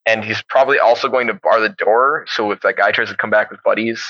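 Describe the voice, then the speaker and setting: A young man playing a tabletop game, chatting casually and thinking out loud with hesitant restarts. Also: lowish voice, fairly even intonation, fast, dry recording. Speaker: player. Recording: dull, dry lo-fi sound.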